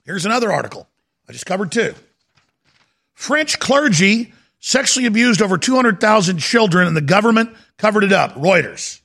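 A man's voice: sits high, very animated, moderate pace, creaky, a bit bright. A man hosting a talk show, giving heated commentary with emphatic repetition. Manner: heated, emphatic, repeats himself. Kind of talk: agitated talk radio commentary.

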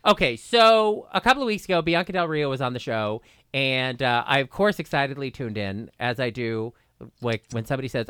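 Rambly gossipy guy on a podcast, smooth voice, dry close mic. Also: medium pitch, a little fast, a bit bright, no room sound. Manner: rambling, gossipy, self-mocking. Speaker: podcast guest, screenwriter. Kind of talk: casual comedic chat.

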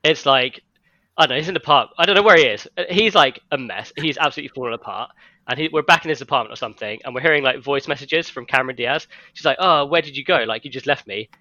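Casual male storyteller, quick and bright-voiced, dry muffled recording, chatty rambling delivery. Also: medium pitch, expressive, no echo. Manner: rambling storytelling, heavy use of "like". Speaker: friend retelling an imagined film plot. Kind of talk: casual chat among friends.

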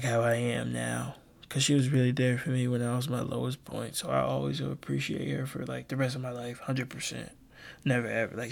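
A young man hosting a personal podcast, talking in a subdued, halting way with lots of fillers, restarts and casual slang. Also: gravelly. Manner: subdued, low-key delivery. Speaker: podcast host.

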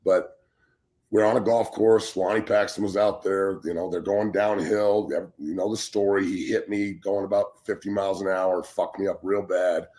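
A man's voice: sits low, fairly even intonation, normal speed, mellow. A man in his forties, a former football player and show guest, ranting bluntly and with heavy swearing, often restarting his words. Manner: blunt, heated and heavily profane; repeats words when starting sentences. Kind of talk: casual sports talk show rant.

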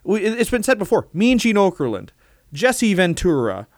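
A young adult man co-hosting a casual podcast, joking and swearing a lot in an excitable way. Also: sits high, normal speed, dry recording, studio quality. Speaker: podcast co-host, comedian.

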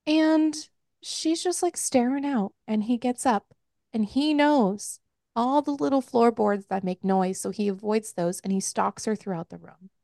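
A woman's voice: a little high, a little slow, vocal fry, dark tone, no echo, studio quality. A young woman hosting a podcast, casually recapping a book in a chatty, profane way with frequent laughter. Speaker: podcast host.

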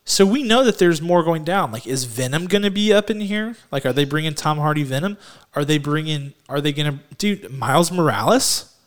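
A man co-hosting a casual movie podcast, excitable and gushing, with many "like"s and restarts. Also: fairly high pitch, moderate pace. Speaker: podcast co-host.

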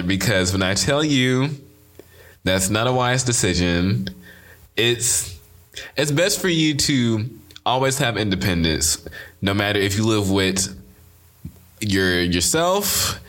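A man's voice: medium pitch, a bit bright. A young man hosts his own podcast, rambling through a casual solo monologue. His mid-range voice carries a playful, preachy, jokey energy, like a motivational rant that never takes itself too seriously. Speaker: podcast host.

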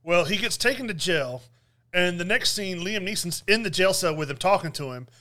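A man with a fairly high, bright, forceful voice, chatting casually on a podcast. He rambles through a movie recap, full of fillers and little laughs. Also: animated, normal speed. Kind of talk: casual chat.

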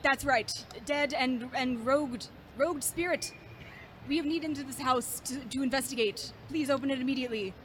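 High-voiced playful woman player. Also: normal speed, a little hiss or hum. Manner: playful, mock-formal in character.

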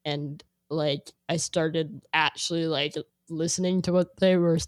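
A young adult woman chatting casually, rambling and filling her speech with "like", growing animated when she quotes herself. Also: low voice, unhurried, no echo, clean studio sound. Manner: rambling, heavy use of "like", animated when quoting. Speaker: guest sharing a playlist. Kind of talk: casual chat.

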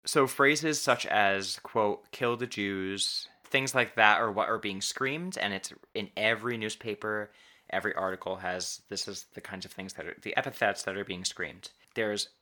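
A man with a fairly low but bright, forward voice tells a true story to a co-host. He talks casually, often restarting sentences and drawing out key words for weight. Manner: halting, restarts and stretched emphasis on key words.

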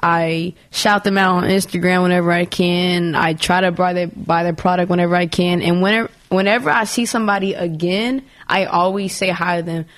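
Rambling giggly woman, slightly low voice. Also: steady tone, fairly quick, few pauses. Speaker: poet, podcast guest. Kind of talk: casual interview chat.

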